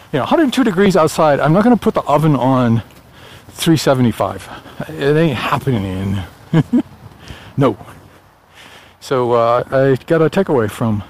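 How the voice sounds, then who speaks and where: A middle-aged man talking casually while out on a morning walk, rambling along with filler words and small chuckles. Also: medium pitch. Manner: rambling, chatty, with frequent "uh" and chuckles. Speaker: vlogger. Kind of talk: casual walking vlog.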